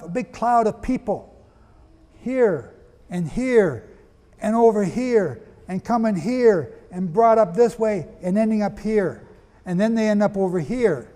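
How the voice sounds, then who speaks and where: Reading quotations aloud and quizzing his audience, a Bible teacher gives a lecture-like sermon in a high, darkish voice. The sound has a long hall reverb.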